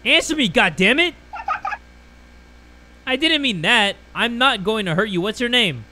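A man giving loud, jumpy commentary on a horror game, swearing and joking through his fear. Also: sits high, animated, unhurried, a little hiss or hum. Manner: jumpy, swears a lot, yells at monsters then jokes. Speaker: gaming YouTuber.

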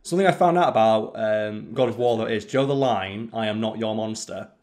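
A man's voice: on the low side, fairly quick, a little mellow. A man co-hosting a let's play, chatting casually and opinionatedly while gaming, with the odd swear.

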